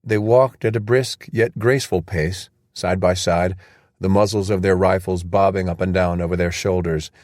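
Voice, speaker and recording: A man narrating an audiobook in a steady, even scripted style. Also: low voice, normal speed, dry recording, clean studio sound.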